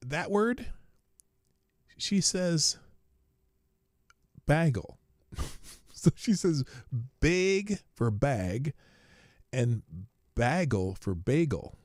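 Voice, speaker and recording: A man hosting his own livestream show, rambling casually from a home studio, talking softly and laughing at his own asides. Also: a little high, lively intonation, very slow, pauses often, no echo.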